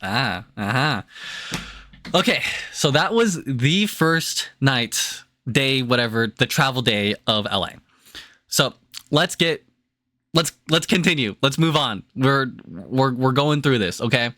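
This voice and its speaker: A young man chatting casually on a livestream, rambling and excitable with many restarts. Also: mid-range voice, takes it slowly, no room sound. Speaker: streamer.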